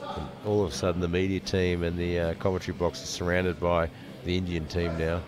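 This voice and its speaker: A low-voiced man calls a live powerlifting event from the commentary box, reading out each lifter and her weight before he breaks down the lift. A loud crowd fills the venue behind him. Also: flat delivery, fairly quick. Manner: calls each lifter's name, country and weight, then adds analysis.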